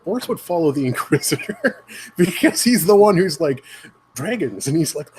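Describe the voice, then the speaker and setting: A man playing in a tabletop game, speaking in an excitable, giggly way. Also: on the high side, a little fast. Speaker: player. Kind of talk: casual tabletop play. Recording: noisy line.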